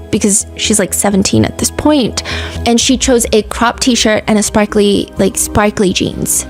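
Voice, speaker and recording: A woman hosting a podcast, telling a true-crime story in a casual, chatty way with fillers and side remarks. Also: fairly high pitch. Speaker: podcast host.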